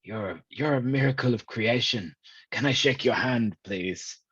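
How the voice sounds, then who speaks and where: A man's voice: medium pitch, unhurried, a bit bright, breathy edge, no echo. A man voicing an eager, effusive male adventurer in a tabletop game. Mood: awestruck. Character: awestruck adult male adventurer, gushing. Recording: dull lo-fi mic.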